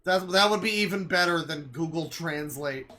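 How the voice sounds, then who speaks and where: A young adult streamer gives live reaction commentary. The voice is bright and sharp. The delivery is an exasperated rant, full of swearing and sudden shouted outbursts. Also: medium pitch, moderate pace.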